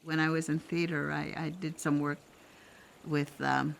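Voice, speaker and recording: An older woman from Canada, an elder telling a personal story in a gentle, reflective way, pausing often and laughing softly. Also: deep voice, flat delivery, gravelly, a little hiss or hum. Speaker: elder sharing traditional teachings.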